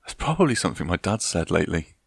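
A man's voice: low voice, sing-song, creaky, slightly rough, dry recording. A man, co-hosting a casual podcast chat with dry, rambling jokes. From England. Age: 20s. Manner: dry, joking, slow and rambling. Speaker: podcast co-host.

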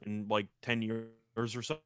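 A young man co-hosting a sports talk show, measured and analytical in his takes. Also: fairly low pitch, little pitch movement, a bit bright, smooth, no echo, clean studio sound.

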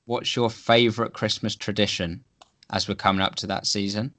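A man with a fairly low voice, hosting a relaxed podcast. He reads out listener questions in a steady, unhurried way. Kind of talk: casual chat.

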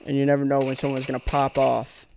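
A man's voice: medium pitch, completely flat delivery, fast talker, creaky, background noise. A young man hosting his own podcast, telling rambling, profane stories and acting out quotes in a casual monologue. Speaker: podcast host.

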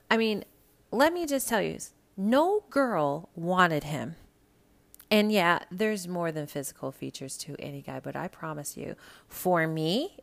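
A woman from the American Midwest hosting a podcast, chatting casually about pop culture with lots of swearing and sudden loud rants. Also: low-pitched, gravelly. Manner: profane, animated, swings to loud rants. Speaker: podcast host.

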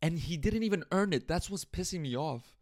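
A man's voice: fairly high pitch, lively intonation, a little fast, darkish tone. A young man hosting a podcast, ranting in a casual comedic monologue, swearing and laughing at himself, recorded on a studio mic. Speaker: podcast host. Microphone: studio mic through audio interface.

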